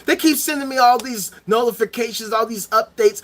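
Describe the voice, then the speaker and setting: A man's voice: very high-pitched, brisk, few pauses, a bit bright. A man ranting angrily into the camera, profane and heated, hammering points home by repeating them. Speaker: vlogger. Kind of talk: angry ranting monologue.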